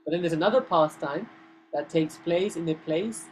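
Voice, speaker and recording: Animated male teacher telling scripture stories. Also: on the high side, normal speed, a little hiss or hum, rough recording. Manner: animated, conversational, frequent restarts. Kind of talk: scripture class storytelling. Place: temple classroom.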